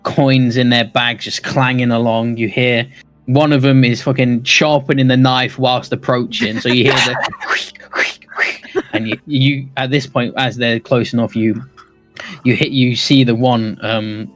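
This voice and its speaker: A man runs a tabletop game and narrates at a middling pitch. His talk is loose and full of restarts, and he keeps laughing at his own scene. Faint music plays underneath. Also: flat delivery, a little slow, no room sound. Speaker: game master.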